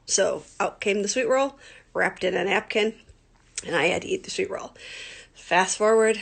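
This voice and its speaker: A woman teacher telling a funny story to her class in a chatty, animated way, with plenty of ums. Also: mid-range voice, moderate pace, gravelly, husky. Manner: chatty, animated, many fillers. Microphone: computer mic on a screen recording.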